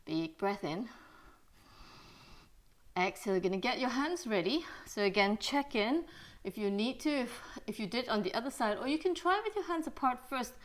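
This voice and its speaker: Woman, yoga instructor, slightly breathless, calm cueing, higher-pitched voice. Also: normal speed. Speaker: yoga teacher. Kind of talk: guided yoga class instruction.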